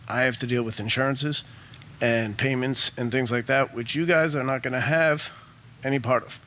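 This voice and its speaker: A man's voice: mid-range voice, fairly bright tone, a little hiss or hum. A man giving a nervous, emotional public comment at a meeting, hesitant and full of ums.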